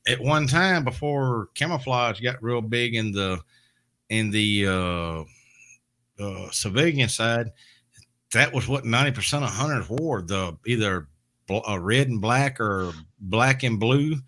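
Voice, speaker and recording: Host, bright tense voice, folksy halting storytelling. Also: male voice, mid-range voice. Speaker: podcast host. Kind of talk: casual chat.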